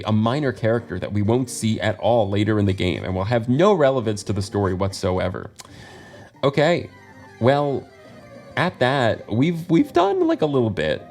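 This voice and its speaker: A man's voice: on the low side, darkish tone. An American man hosting a casual let's play, chatty and self-deprecating, laughing often between his asides. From United States. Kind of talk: casual video game commentary.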